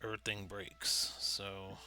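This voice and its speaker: A man's voice: sits low, completely flat delivery, a little slow, sharp tone, faint music behind. A man acting as game master on a livestream, chatting casually while sorting out his setup. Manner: laid-back, chatty, fiddling with the stream setup.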